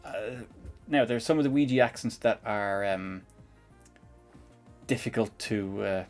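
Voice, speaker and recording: A man with a Northern Irish accent talks through code on a live stream, drifting into rambling chat with his viewers. His voice sits on the low side with a gravelly, creaky edge, and he chuckles often as he goes. Faint music and typing play behind him. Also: unhurried, a little mellow. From Northern Ireland. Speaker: programming streamer. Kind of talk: live coding tutorial with casual chat.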